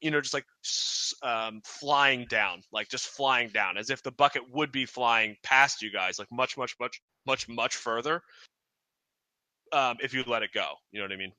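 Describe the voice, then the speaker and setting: A man in the dungeon master's seat, talking through the scene in a loose, rambling way full of fillers and restarts. His voice is very bright and sits close and dry on the mic, with no room around it. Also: mid-range voice, moderate pace, no room sound. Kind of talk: narrating a tabletop game.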